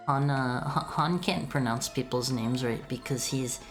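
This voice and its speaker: A woman's voice: extremely low pitch, unhurried, few pauses. A woman streaming a retro game and chatting casually with viewers, often stammering and repeating her words. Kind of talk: casual chat while playing a retro game. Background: faint game music.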